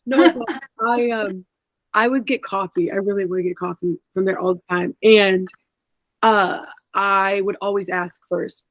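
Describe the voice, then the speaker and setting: A woman's voice: medium pitch, steady tone, measured pace, no room sound, rough recording. A young woman co-hosting a podcast, chatting casually and rambling with frequent "like" fillers. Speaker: podcast co-host, former pro soccer player.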